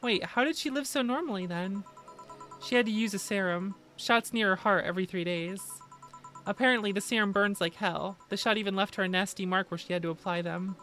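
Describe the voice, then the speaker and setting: Woman streamer reading game dialogue out loud, does all the parts, plain delivery. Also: medium pitch, a little fast, soft background music. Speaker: streamer reading a visual novel aloud.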